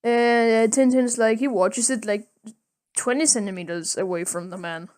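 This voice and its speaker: A woman's voice: fairly high pitch, fairly even intonation, normal speed, darkish tone. A woman podcast host retelling a comic in a casual, rambling way, with many fillers and self-corrections.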